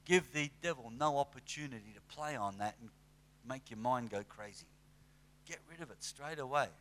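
Lively conversational male preacher. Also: mid-range voice, moderate pace. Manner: conversational, animated with acted asides. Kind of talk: sermon.

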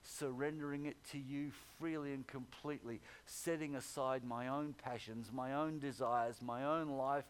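A man's voice: mid-range voice, fairly even intonation, normal speed, hardly any pauses, clean tone. A man preaching a sermon in an earnest manner, repeating key phrases and rising to fervent exhortation.

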